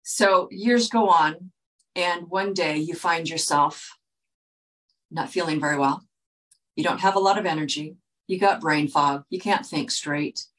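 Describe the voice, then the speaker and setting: This wellness speaker's voice sits low and fairly bright, moving at a measured pace over poor audio. Talking directly to viewers, she takes an earnest, lecturing tone and repeatedly asks "okay?"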